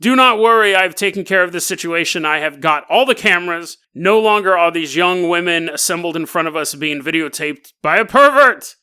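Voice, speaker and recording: A man's voice: sits high, a little fast, hardly any pauses, bright, forceful tone, clean tone. A man doing a pompous would-be hero. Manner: grandiose, theatrical declarations. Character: pompous self-styled hero man, dramatic and self-important.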